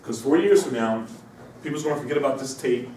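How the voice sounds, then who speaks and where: A man's voice: mid-range voice, quick pace, darkish tone, far from the mic, a little hiss or hum. Rambling man lecturing in an echoey classroom. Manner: rambling, asks rhetorical questions. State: has a cold. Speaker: instructor. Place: university classroom.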